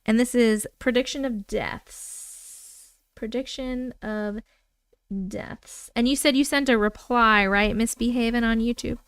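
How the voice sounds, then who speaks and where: A woman's voice: fairly high pitch, fairly even intonation, unhurried, smooth, no room sound, studio quality. A woman hosting a casual livestream from home, chatting with viewers, greeting them by name and laughing often. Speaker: livestream host.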